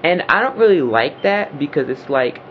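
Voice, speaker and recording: A man talking in a casual vlog rant, animated and profane, often getting loud and heated. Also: fairly high pitch, moderate pace, lo-fi sound, slight background noise. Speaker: video blogger.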